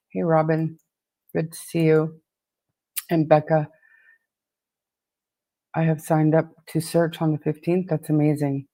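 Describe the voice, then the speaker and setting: A woman's voice: deep voice, mellow, dry recording. A woman from Atlantic Canada hosts a true crime stream. She has a sore, swollen throat and chats casually, greeting viewers in a rush with many restarts. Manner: chatty, rapid greetings, frequent restarts. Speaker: true crime podcast host. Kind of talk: casual livestream chat with viewers.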